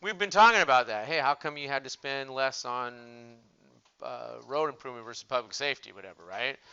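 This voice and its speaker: Brisk and mid-range, gravelly yet smooth, bright and forceful, an older accounting professor lectures conversationally on a muffled recording, posing his own questions and then answering them.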